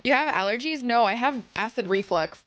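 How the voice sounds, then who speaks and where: A woman's voice: on the high side, lively intonation, brisk, fairly bright tone, no room sound, dull audio. A young woman streaming a game and chatting with viewers, bubbly and apologetic, swearing freely and sniffling from sinus trouble. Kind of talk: casual live-stream chat.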